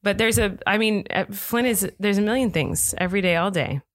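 A woman in her thirties co-hosting a podcast, chatting casually and telling stories in an animated way. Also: mid-range voice, dry recording, studio quality. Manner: chatty, animated storytelling with quick laughs. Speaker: podcast co-host. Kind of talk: casual chat.

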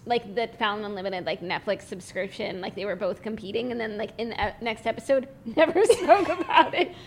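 A woman's voice: mid-range voice, fairly even intonation, fast talker, gravelly, slight background noise. A woman co-hosting a casual chat, dropping wry, joking asides. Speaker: podcast co-host.

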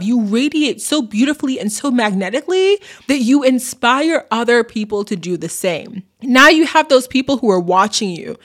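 A woman hosting an astrology channel, giving a motivational talk to camera in a playful, animated way, calling viewers baby and dropping slangy asides. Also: fairly high pitch.

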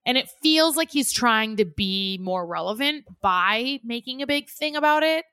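A woman's voice: on the high side, lively intonation, moderate pace, sharp tone, clear, resonant tone, no echo, studio quality. A woman co-hosting a podcast in casual, slangy chat, talking emphatically. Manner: emphatic, slangy, says "like" a lot. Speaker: podcast co-host.

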